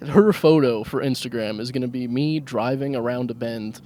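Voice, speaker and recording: His voice has a dark tone, medium pitch, and normal speed. The podcast host records his solo comedy show with a handheld microphone in his car as he drives, mocking himself crudely and laughing often.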